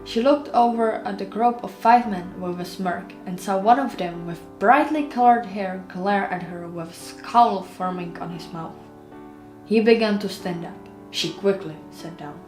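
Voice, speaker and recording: Casting: woman narrator for a fan audiobook, mid pitch, roomy room, faint music underneath. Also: a little slow, a little mellow. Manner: plain storytelling, chatty in outro.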